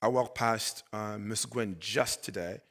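A male pastor preaching a sermon, swinging between loud emphatic bursts and quiet low asides. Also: fairly even intonation, a little slow. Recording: long hall reverb.

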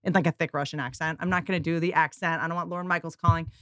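A woman hosting a podcast, bantering with quick wit in a casual chat. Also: low-pitched, no echo, studio quality. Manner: animated, quick-witted banter. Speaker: podcast host.

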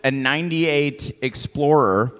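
Man, high voice, animated live storyteller, stage echo. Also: slow, clean tone. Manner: animated, acts out the people in his stories. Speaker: comedian and podcast co-host. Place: theater stage, live audience. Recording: live venue with hall echo.

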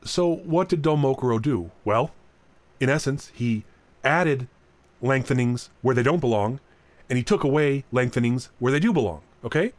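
A man's voice: mid-range voice, animated, moderate pace, darkish tone, no room sound. A man giving a recorded lecture on chant. He explains plainly, often restarts his sentences, and now and then sings short examples. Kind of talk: recorded talk.

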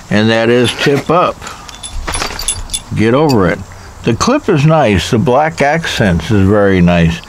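A man's voice: medium pitch, a little hiss or hum. A man casually reviewing a pocket knife in a rambling, wry way, with jokey asides.

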